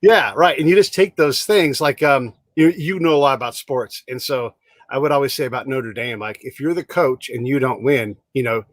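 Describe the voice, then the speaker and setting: A man's voice: medium pitch, normal speed, dry recording. Easygoing man hosting a dry video chat. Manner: rambling, easygoing. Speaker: host. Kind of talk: casual video-call interview. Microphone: video call.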